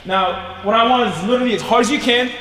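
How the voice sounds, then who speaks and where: A man coaching throwing in casual talk, hyped up and swearing freely, with loud cheering bursts. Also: very high voice, fast. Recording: echoey, distant mic, background noise.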